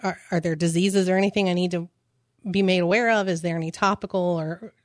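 A woman, a parent, telling her story on a radio talk show, hesitant and halting with many restarts. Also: lowish voice, fairly even intonation, no echo, studio quality. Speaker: guest, parent.

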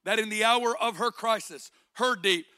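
High, bright-voiced impassioned male preacher. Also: normal speed. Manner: impassioned, with rhetorical questions and repeated phrases. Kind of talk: sermon.

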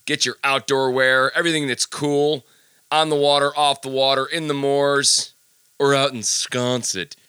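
A man's voice: medium pitch, level tone, unhurried, pushed and bright, smooth, no room sound, studio quality. A man hosting his podcast, chatting casually, cracking jokes and reading sponsor spots. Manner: chatty, jokey, self-deprecating. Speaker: podcast host. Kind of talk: casual podcast monologue with ad reads.

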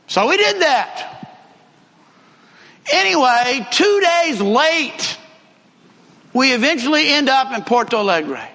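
A man preaching a sermon, telling a travel story with lively emphasis and repeated phrases. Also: very high voice, takes it slowly, pauses often. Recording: long hall reverb.

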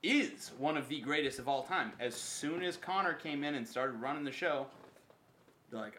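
A man's voice: on the high side, normal speed, bright, forceful tone, a little hiss or hum. A man hosting a casual podcast chat, emphatic and opinionated, swearing freely. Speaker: podcast host.

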